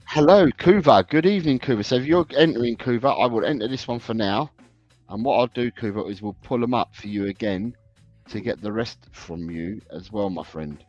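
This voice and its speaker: A man co-hosting a casual live-stream podcast, briskly reading out viewer predictions. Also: fairly low pitch, soft background music. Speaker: podcast co-host. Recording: dull, dry lo-fi sound.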